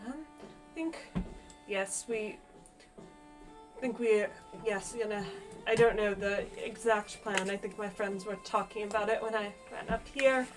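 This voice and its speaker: A woman playing her character in a tabletop game, speaking hesitantly and softly. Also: medium pitch, fairly even intonation, a little slow. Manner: hesitant, soft-spoken. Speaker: player. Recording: distant mic with music behind.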